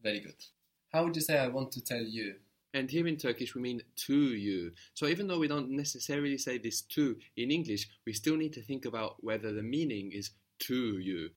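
Male teacher, patient, encouraging, step-by-step explanations, calm lesson delivery. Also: medium pitch, a little fast. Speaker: language teacher. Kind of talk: guided spoken language lesson.

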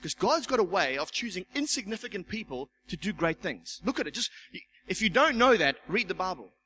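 A man preaching a sermon as pastor, animated, stumbling over repeated words and acting out the voices he quotes. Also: sits high, fairly quick, few pauses, slight background noise, rough recording. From South Africa.

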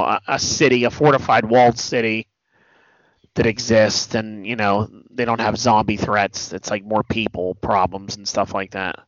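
Gravelly-voiced man rambling on a podcast. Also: medium pitch, a bit bright, dry recording. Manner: rambling, loose, swears freely. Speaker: podcast host. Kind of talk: casual pop culture chat. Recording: dull lo-fi dry recording.

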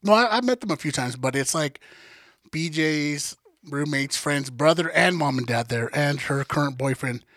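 A man co-hosting a podcast, telling a story in relaxed, profane casual chat. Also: fairly high pitch, normal speed, no echo. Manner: laid-back, profane, quiet narration. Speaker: podcast co-host.

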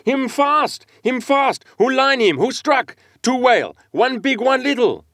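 A man voicing an excited adult male harpooneer who shouts in broken, clipped phrases. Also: very high voice, takes it slowly, no echo, studio quality, voice pushed up, full character voice. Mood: alarmed shouting.

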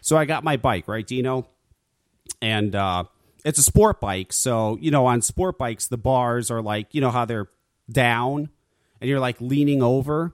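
A man's voice: mid-range voice, measured pace, no echo, studio quality. A man hosting a talk radio show, ranting casually with lots of swearing and stammered restarts. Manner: profane, stammering rants.

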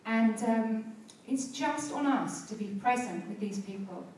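A woman preacher with a fairly high, darkish voice speaks animatedly but a little slowly during a sermon and prayer. Her conversational storytelling climbs to fervent exhortation, recorded from a distance in a very echoey church hall with a little hiss or hum.

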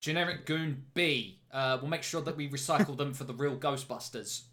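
A man's voice: mid-range voice, steady tone, moderate pace, fairly bright tone. A young man co-hosting a podcast, laughing and swearing in casual chat about a cartoon. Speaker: podcast co-host. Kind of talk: casual chat, riffing while watching a cartoon.

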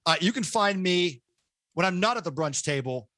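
Man, podcast host, loud and excited, bright forceful voice, dry close sound. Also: sits high, moderate pace, no room sound. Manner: loud, excitable, self-mocking. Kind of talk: casual podcast chat. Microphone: home podcast microphone.

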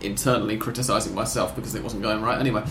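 A man's voice: lowish voice, fairly even intonation, rapid-fire, reverberant, noisy background. A man hosting a casual football podcast, talking in long rambling sentences with wry self-corrections. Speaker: podcast host.

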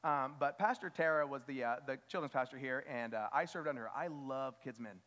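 A man's voice: mid-range voice, a little fast. Man preaching in a reverberant church. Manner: self-deprecating storytelling, rises to loud emphatic peaks. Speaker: children's pastor. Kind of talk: sermon. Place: church sanctuary.

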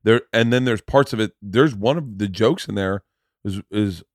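A middle-aged man hosting a podcast in casual chat, telling animated stories with lots of swearing and acted-out quotes. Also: on the low side, moderate pace, dry recording, studio quality. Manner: animated storyteller, swears often, acts out quotes. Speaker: podcast host.

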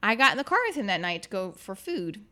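A woman's voice: medium pitch, fast. A woman comedian telling a story on a podcast in a casual way, swearing now and then and acting out the voices of the people in it. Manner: animated, acts out the voices of people in her story. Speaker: comedian guest.

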